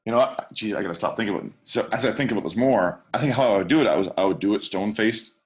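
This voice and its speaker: A man co-hosting a casual podcast chat as a DJ, thinking aloud in an animated, reflective way. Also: lowish voice, very fast. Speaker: DJ, podcast co-host.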